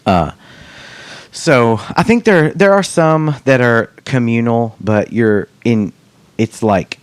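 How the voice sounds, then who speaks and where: A man's voice: mid-range voice, animated, slow pace, clean tone, dry recording. A middle-aged man hosting a podcast, chatting casually, rambling and joking with plenty of swearing. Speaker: podcast host. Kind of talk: casual chat.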